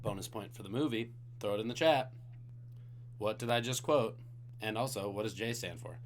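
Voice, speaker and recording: A man's voice: on the low side, moderate pace, slight background noise. A tired man hosting a live-streamed trivia game, reading out questions and joking with the chat between them. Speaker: trivia host.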